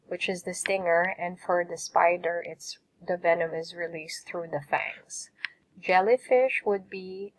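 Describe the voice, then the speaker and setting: Woman teacher, lower-pitched, patient, drills vocabulary for class. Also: rough recording. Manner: patient, repeats words for students. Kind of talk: recorded classroom lesson.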